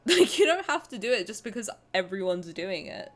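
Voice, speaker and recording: A woman's voice: fairly high pitch, animated, fairly quick, few pauses. A woman in her twenties, chatting casually on a stream, rambling with restarts and laughter. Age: 20s. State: out of breath. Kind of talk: casual stream chat reading comments.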